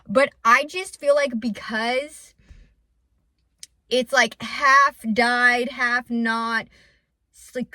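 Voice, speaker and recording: A woman's voice: a little high, bright, forceful tone, no echo, clean studio sound. A young adult woman talking openly to her viewers in a confessional vlog. She rambles and fills her speech with "like". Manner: rambling and open, with many "like" fillers. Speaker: vlogger and small business owner.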